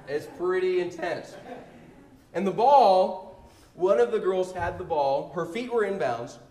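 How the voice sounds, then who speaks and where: A man giving a sermon built around a personal story, told in a humorous, animated way. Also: a little high. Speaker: preacher. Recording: roomy echo.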